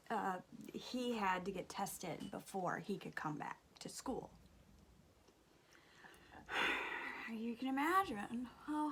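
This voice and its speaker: A woman in her thirties chatting casually as she does her makeup, exasperated and often dropping to a soft near-whisper. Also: on the high side, slight background noise. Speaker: beauty vlogger, mother. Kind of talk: casual storytelling during a makeup tutorial.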